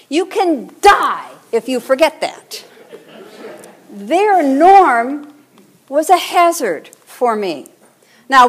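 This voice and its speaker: A woman priest giving a sermon in a relaxed, conversational teaching manner, drawing the congregation in to repeat words. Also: sits high.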